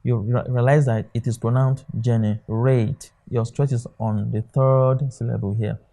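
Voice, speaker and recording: A man gives an exam lesson in a mellow, warm voice. He walks through examples on a board, stopping often to say "okay" and check that students follow. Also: mid-range voice, steady tone, moderate pace, creaky. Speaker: exam tutor. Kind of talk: classroom lecture.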